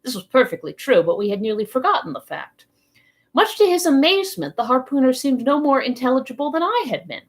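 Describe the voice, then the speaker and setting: A woman reading a novel aloud for a library program, narrating in the first person with expressive delivery. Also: sits high, fairly quick, husky. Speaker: library storytime reader.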